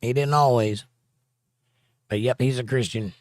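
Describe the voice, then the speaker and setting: In clean studio sound without echo, a man at medium pitch and a measured pace runs a livestream. He reads comments from viewers aloud and responds in a laid-back manner.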